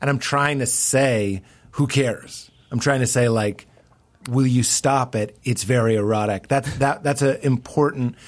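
A man who is a comedian, talking in a casual podcast chat, excitable and laughing, jumping up in pitch when he acts out quotes. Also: a little slow. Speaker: comedian guest.

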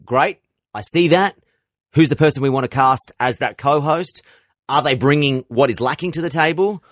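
Speaking at a moderate pace with a medium pitch, this Australian man, a radio presenter, fields interview questions energetically, often repeating himself and starting sentences over. The sound is studio quality with no room sound, and he's in a radio station office.

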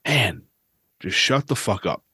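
A man's voice: lowish voice, animated, measured pace, sharp tone, husky, no echo, studio quality. A man hosting his own podcast, ranting casually with lots of swearing. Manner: profane, ranting, restless. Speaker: podcast host.

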